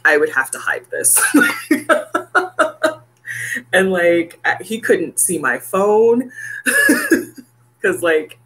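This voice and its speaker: A woman's voice: deep voice, bright, forceful tone, breathy edge. A woman in her thirties talking casually and heartfelt to her viewers, laughing often. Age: 30s. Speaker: vlogger. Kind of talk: casual chat to camera.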